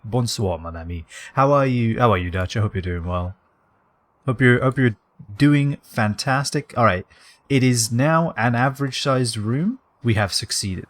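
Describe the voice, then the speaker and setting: Lively man rambling over a game. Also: mid-range voice, moderate pace. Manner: rambling and jokey, drifting into put-on accents. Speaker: game streamer. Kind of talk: casual let's-play commentary.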